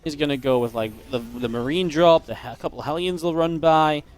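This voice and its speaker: A man giving live play-by-play commentary on a strategy game match, chatty and upbeat with quick reactions. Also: a little high. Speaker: esports caster.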